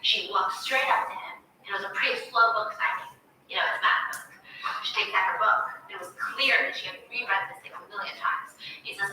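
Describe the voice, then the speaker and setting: A woman's voice: medium pitch, a little fast, pushed and bright. A woman chattily retelling a story in a gossipy way, full of "like" and "you know.". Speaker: vlogger. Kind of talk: casual storytelling retelling a plot. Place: room at home, working at a table. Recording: echoey room, distant mic, faint noise.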